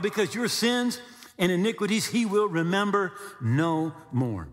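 Animated preacher man in a reverberant hall. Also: high voice, a little slow, slight background noise. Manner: animated preaching with acted-out dialogue and humor. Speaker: pastor. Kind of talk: sermon.

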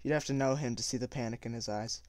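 Man reading a novel aloud, smooth voice. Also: mid-range voice, quick pace, no room sound. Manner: steady reading with small slips and self-corrections. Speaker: audiobook reader.

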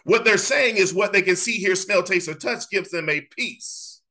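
A man preaching at a Bible study, his voice pitched high for a man and bright and forceful in tone. He builds his points by repetition, talking straight to the crowd in an impassioned, conversational way. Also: moderate pace, rough recording. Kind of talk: sermon-style Bible teaching.

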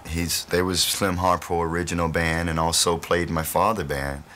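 Brief: man, low and bright-toned, loose laughing anecdotes, faint hiss behind. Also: level tone, moderate pace. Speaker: blues musician interviewed. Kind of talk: relaxed storytelling interview.

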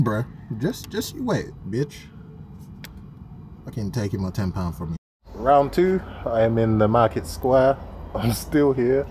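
A man's voice: mid-range voice, very animated, measured pace. A man with an English accent ranting and swearing in disbelief at a cash machine in a town square, laughing at it. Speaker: vlogger. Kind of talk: exasperated vlog rant. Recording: street noise behind phone recording.

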